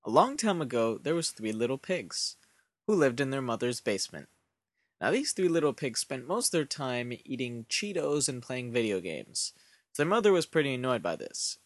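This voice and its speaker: A man hosting a podcast, telling a comic story in a deadpan way with rambling asides. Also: medium pitch, dry recording. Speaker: podcast host.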